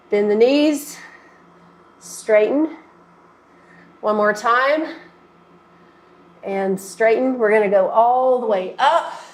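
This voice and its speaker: A woman's voice: on the high side, roomy sound. A woman fitness instructor guiding a workout and stretch, coaching and encouraging as she goes. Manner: encouraging, coaching through moves.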